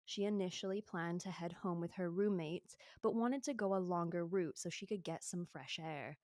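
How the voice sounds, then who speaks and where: A woman's voice: fairly low pitch, normal speed, darkish tone, dry recording. Woman from Yorkshire, co-host; chatty, explanatory delivery, dry studio sound. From Yorkshire, England. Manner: explanatory, chatty, lots of "like" and "sort of". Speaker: podcast co-host. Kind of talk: casual true-crime chat.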